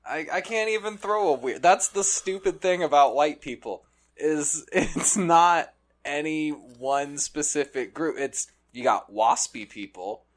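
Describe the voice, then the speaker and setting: A man's voice: fairly high pitch, lively intonation, a little slow. A man co-hosting a podcast in casual chat, dropping wry, joking asides. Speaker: guest co-host.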